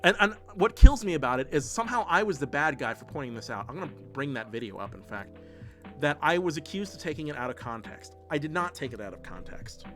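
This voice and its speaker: A man's voice: a little high, lively intonation, fast talker, pushed and bright, soft background music. Profane ranting man streamer. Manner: heated, profane, ranting with many restarts. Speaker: political streamer. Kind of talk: livestream commentary, reading chat.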